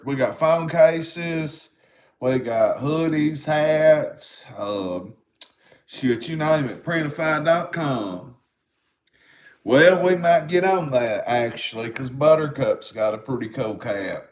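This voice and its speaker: A man in his forties with an Appalachian accent, rambling and swearing in casual live-stream chat with his viewers. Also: medium pitch. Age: 40s. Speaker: livestream host. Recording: roomy echo.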